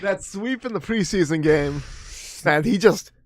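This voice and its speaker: A man's voice: high voice, expressive, measured pace, dry recording. A man co-hosting a football podcast, talking casually, stammering into his points and acting out quotes. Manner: stammering restarts, acts out quotes. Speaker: podcast co-host. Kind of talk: casual sports chat.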